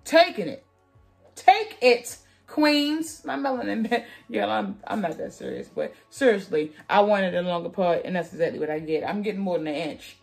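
A woman's voice: lowish voice, brisk, creaky, few pauses, darkish tone, soft background music. A woman beauty vlogger chatting through a wig tutorial, sassy and playful, joking with her viewers as she works.

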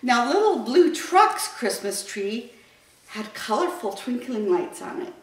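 An adult woman reads picture books aloud to young children at a slow, deliberate pace, her voice sitting a bit high. She tells the story in an animated, sing-song way. The recording catches her from some distance in an echoey room. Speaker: story time reader. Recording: roomy echo, voice from a distance.

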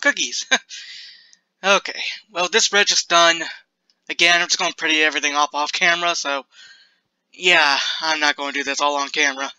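A young man giving casual, chatty commentary while playing a building game, jumpy and self-mocking and quick to laugh. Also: a little high, pushed and bright, smooth, no room sound. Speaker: gaming video creator.

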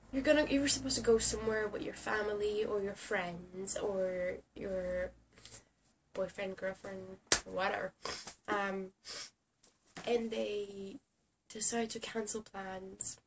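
Sarcastic young woman ranting on camera. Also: medium pitch. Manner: exasperated, sarcastic, swears often. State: sick. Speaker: vlogger. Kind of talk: casual rant vlog. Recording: distant camera mic with faint hiss.

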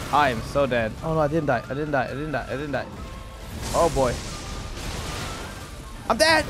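A man giving live gameplay commentary as a gaming YouTuber, rambling and repeating words, with frequent exclamations. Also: a little high. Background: background music.

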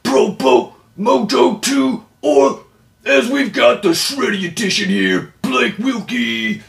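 A man's voice: very high-pitched, sing-song, slow, pitched above the performer's own voice, heavily acted. A man putting on a boastful wrestling-star impression, growling catchphrases in a hammy drawl. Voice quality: gravelly, growling. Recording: roomy echo, distant from mic.

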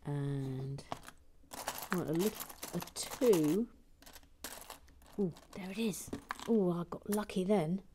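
A woman hosting a livestream, chatting gently as she reads out viewer comments. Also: on the low side, slow, long pauses, background noise. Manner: gentle, warm-hearted and chatty. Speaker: livestream host building a brick set. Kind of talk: casual chat reading viewer comments.

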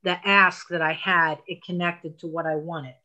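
A woman's voice: fairly low pitch, steady tone, moderate pace, bright, forceful tone, highs cut off. A woman teaching an online technology class, walking learners patiently step by step through phone settings with emphatic asides.

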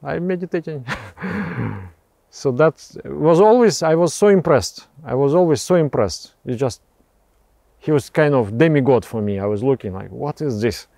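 A man teaching meditation, explaining breathing practice in a halting way, often repeating words and restarting phrases, with soft laughs between remarks. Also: mid-range voice, animated, no echo.

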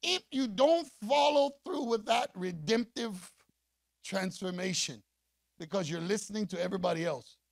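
A man preaching a rousing call-and-response sermon as pastor, rising to shouts. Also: high-pitched, moderate pace, creaky.

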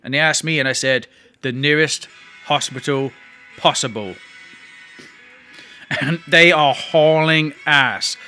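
A man's voice: on the high side, slow pace, pauses often, pushed and bright, soft background music. A man vlogging, telling a long personal story in a rambling, emotional way with frequent restarts. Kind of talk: casual storytelling to camera.

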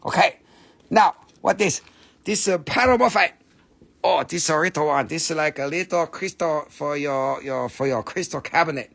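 A man's voice: fairly high pitch, normal speed, gravelly, a bit bright. A man hosting a live rock sale stream, joking and swearing freely in non-native, broken English. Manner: joking, profane, playful. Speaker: host and rock seller.

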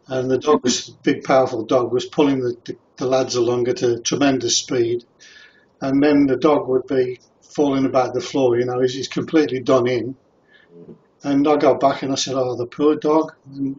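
A mid-pitched man guesting on a radio show. He tells anecdotes at an easy pace and often restarts his sentences. The call audio is dull and lo-fi, with a faint hiss underneath. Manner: relaxed storytelling with frequent restarts. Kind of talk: radio interview talk.

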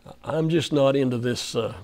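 A man's voice: mid-range voice, moderate pace, vocal fry, darkish tone. A man with an Oklahoma accent preaching a folksy, conversational sermon in a church fellowship hall, putting questions to the room.

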